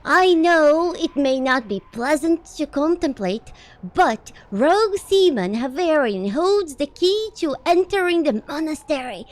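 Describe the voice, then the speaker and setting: A streamer doing a playful old-man wizard voice, dropped low and unhurried. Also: lively intonation. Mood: mock-gruff. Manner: reading game lines in a put-on deep voice. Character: old male wizard, mock-gruff.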